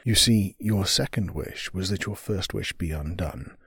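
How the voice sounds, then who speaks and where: A man doing a slow, low-voiced knowing witch. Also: creaky, breathy edge, dry recording, clean studio sound, heavily acted. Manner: slow, drawn-out, soft delivery. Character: calm, knowing female witch. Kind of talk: joke told on a podcast.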